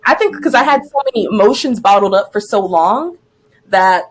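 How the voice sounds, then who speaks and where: A woman's voice: mid-range voice, lively intonation, moderate pace. A young woman co-hosting a podcast, telling stories in a casual, chatty way and laughing often. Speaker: podcast co-host. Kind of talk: casual chat.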